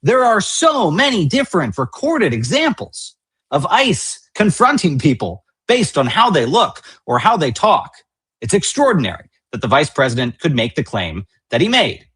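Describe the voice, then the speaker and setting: A man's voice: fairly high pitch, huge pitch swings, moderate pace, a bit bright, slightly rough. A man hosting a political news show, delivering indignant commentary with emphatic, repeated rhetorical lines.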